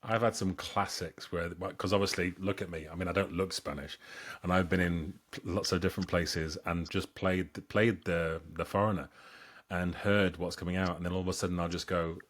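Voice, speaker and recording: Male co-host, lower voice, emphatic conversational delivery. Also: fairly even intonation, moderate pace, fairly bright tone. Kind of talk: casual chat.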